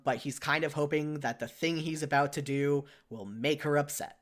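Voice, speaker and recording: A podcast co-host chatting casually at a mid-range pitch. The delivery rambles, full of "like" and restarts, and keeps correcting itself mid-sentence. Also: moderate pace. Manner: rambling, filler-heavy, frequent "like" and self-corrections. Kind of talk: casual chat.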